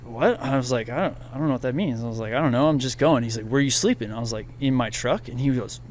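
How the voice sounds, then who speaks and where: A man at a middle pitch tells a story on a podcast, casual and animated. He laughs often and slips into quoting other people's lines. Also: fast, slight background noise. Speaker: podcast guest.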